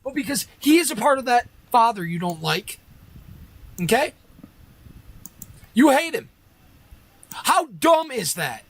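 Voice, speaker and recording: A man's voice: very high voice, big pitch swings, slow pace, pauses often, a bit bright, low-quality recording. A man ranting on a casual livestream, arguing with rhetorical questions and repeating his points.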